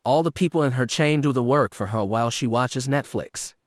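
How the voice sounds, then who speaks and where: A man reading a passage aloud in a flat, measured way. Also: medium pitch, no room sound, studio quality.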